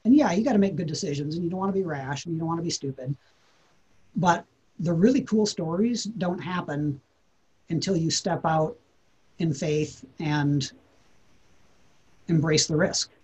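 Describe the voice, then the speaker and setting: A man's voice: a little high, normal speed, long pauses, a little mellow, slightly rough, low-quality recording. A man, a podcast guest, telling a personal story in an earnest, reflective way, often repeating words as he thinks.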